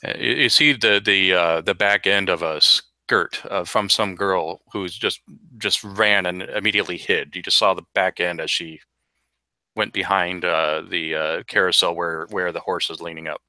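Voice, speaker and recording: Man, game master narrating, low voice with a very bright, sharp edge, dry close sound, halting delivery. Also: steady tone, no room sound. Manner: narrates with frequent uhs and repeats.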